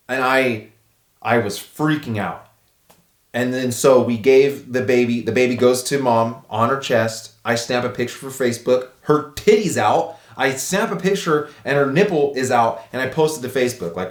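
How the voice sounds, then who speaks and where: A man in his thirties who vlogs in a relaxed, animated way and throws in "dude" and "bro" a lot. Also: mid-range voice, moderate pace. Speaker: vlogger. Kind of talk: casual storytelling vlog. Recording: echoey room.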